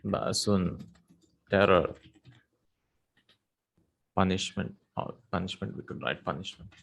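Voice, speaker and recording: Low-voiced man teaching Arabic words. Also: creaky, a bit bright. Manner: thinks aloud with many hums and repeats, recites verses quickly. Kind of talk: relaxed spoken lesson.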